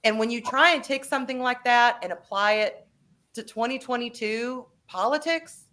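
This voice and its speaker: A woman hosts a casual chat and talks with animated emphasis, swearing freely. Her voice is bright and clear, and sits a little above middle pitch. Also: normal speed. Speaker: podcast host.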